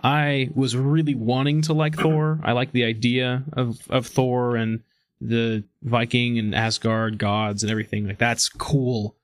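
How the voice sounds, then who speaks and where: A man's voice: medium pitch, flat delivery, measured pace, no echo. A man co-hosting a comic book podcast in casual chat, enthusiastic and rambling, often restarting his sentences. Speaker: podcast co-host.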